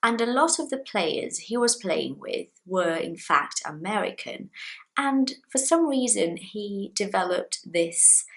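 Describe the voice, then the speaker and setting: A woman, a Portuguese speaker, talks straight to camera as an English teacher. Her voice sits at a middle pitch, and she keeps it chatty, with bouncy pitch jumps on the words she stresses. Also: expressive, slow, vocal fry, poor audio. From Brazil. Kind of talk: casual video lesson to camera.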